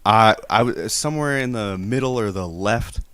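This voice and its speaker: A man's voice: on the low side, normal speed, fairly bright tone, clean tone, no room sound. Rambling, defensive prank caller man. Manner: rambling, hesitant, defensive, with many restarts. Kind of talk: prank phone call storytelling.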